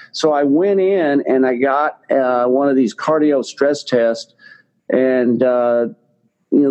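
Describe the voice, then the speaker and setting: A man's voice: mid-range voice, warm tone, muffled recording. An older man telling a long personal story in a casual, rambling way, with many fillers and restarts. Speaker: guest telling his health story.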